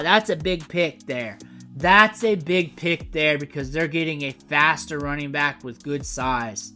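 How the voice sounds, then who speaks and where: A man's voice: fairly high pitch, pushed and bright. A man giving a casual, opinionated fantasy football draft breakdown, repeating his points emphatically.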